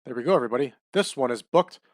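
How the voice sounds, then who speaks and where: A man's voice: mid-range voice, lively intonation, very fast, dry recording, studio quality. Laid-back man narrating a wrestling game. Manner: laid-back, chatty, adds wrestling trivia. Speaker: game commentator. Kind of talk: casual commentary over a wrestling sim.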